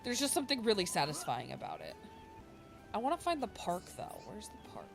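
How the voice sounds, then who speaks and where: A woman hosting a video game playthrough, chatting excitedly and laughing as she plays. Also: medium pitch, a little fast, gravelly. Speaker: let's play host. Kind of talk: casual gameplay commentary. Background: game music.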